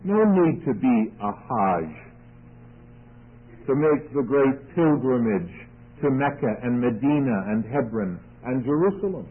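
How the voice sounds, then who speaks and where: Husky radio Bible teacher. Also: male voice, mid-range voice, big pitch swings, a little slow. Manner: expository, reading scripture then explaining it. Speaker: preacher. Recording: tinny phone-like radio broadcast.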